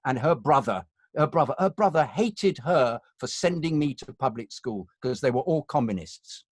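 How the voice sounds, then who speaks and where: A man's voice: medium pitch, expressive, normal speed, breathy edge, no room sound. Posh-spoken English man, dry close sound. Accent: upper-class English. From England. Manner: anecdotal, digressive. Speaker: actor, guest. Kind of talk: conversational reminiscing.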